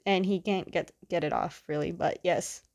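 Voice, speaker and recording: A woman's voice: fairly low pitch, fairly even intonation, moderate pace, darkish tone. A young adult woman casually recapping a story's plot in a loose, chatty way, with lots of fillers. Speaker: comic book reviewer.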